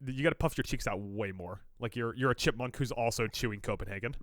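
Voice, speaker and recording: Bright-voiced joking man podcaster. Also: mid-range voice, fast, no room sound, studio quality. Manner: joking, teasing. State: stuffy from allergies. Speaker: podcast co-host. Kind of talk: casual sports chat.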